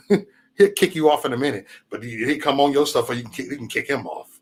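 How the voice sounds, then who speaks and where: On his own livestream, a man with a mid-range voice talks fairly quickly, loosely, and profanely, rambling through stories told with great animation in a casual rant.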